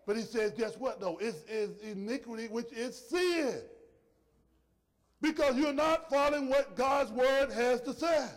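A male preacher giving an emphatic sermon, swinging between shouted points and soft, low asides. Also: a little slow. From rural area. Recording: long hall reverb.

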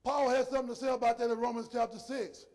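A male preacher giving an emphatic sermon, swinging between shouted points and soft, low asides. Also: level tone, quick pace. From rural area. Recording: long hall reverb.

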